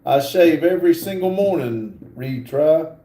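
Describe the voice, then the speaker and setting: A man chats casually on his livestream and reads viewer comments aloud, drawling with plenty of fillers. His voice sits high but sounds mellow and relaxed. The room around him is echoey. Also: unhurried. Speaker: livestream host reading chat.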